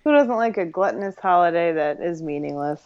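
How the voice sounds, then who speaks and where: A woman's voice: on the low side, animated, a little fast, clean tone, no echo, muffled recording. A young woman co-hosting a podcast in casual banter, sarcastic and laughing often. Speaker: podcast co-host.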